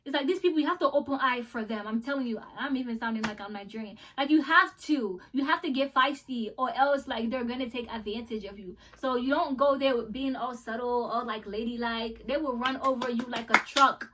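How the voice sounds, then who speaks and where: A young American woman telling a travel story in a casual vlog, animated and acting out the people she met. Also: a little high, fairly quick, few pauses, distant mic. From United States. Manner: animated, acts out voices in the story. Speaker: travel vlogger.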